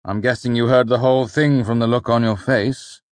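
A wry, easygoing troupe father, put on by a male audiobook narrator. He speaks in a gently teasing way, set a little above the narrator's deep voice, in a dry recording. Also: unhurried, no echo.

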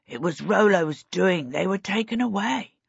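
A woman's voice: mid-range voice, lively intonation, unhurried, vocal fry, slightly rough, no echo, full character voice. A woman voicing a fussy male kobold leader who grumbles and sighs in a serious tone. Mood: grumbling. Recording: dull lo-fi recording.

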